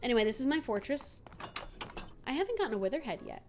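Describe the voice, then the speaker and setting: High-voiced chatty American woman streamer. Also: very animated, quick pace, soft background music. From United States. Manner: chatty and playful, laughs often. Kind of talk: casual gaming stream chat.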